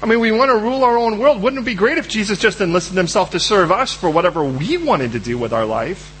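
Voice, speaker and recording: Preacher, male, high voice, animated delivery, acts out characters, slight background hum. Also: fast, rough recording. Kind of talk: sermon.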